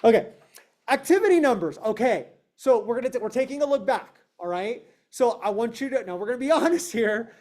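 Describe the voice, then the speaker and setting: A man's voice: extremely high pitch, expressive, a little fast, a little mellow. Confrontational man coaching a sales team. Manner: confrontational, emphatic, asks the room questions; acts out clients and agents in quoted voices. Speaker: real estate team leader. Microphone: online meeting, speaking to a video call.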